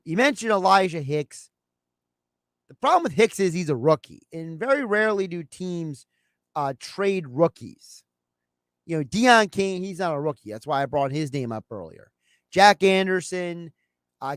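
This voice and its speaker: Guy with a high voice doing sports talk, acting out fake phone calls, super dry sound. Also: normal speed, no room sound. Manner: animated, acts out imagined phone calls. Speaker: sports show host.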